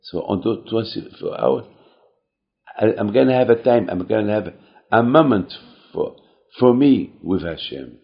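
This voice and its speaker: A man with a very low, gravelly voice gives an earnest short sermon, circling back over his words and stumbling into restarts. The recording sounds dull and lo-fi. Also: animated. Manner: earnest, repeating phrases, halting restarts. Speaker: cantor and speaker. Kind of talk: short talk to a congregation.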